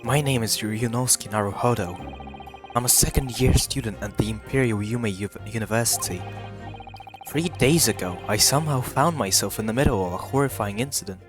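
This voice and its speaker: A man's voice: mid-range voice, brisk, over music, close to an everyday voice. A man voicing an earnest, nervous young male law student who sounds anxious and apologetic.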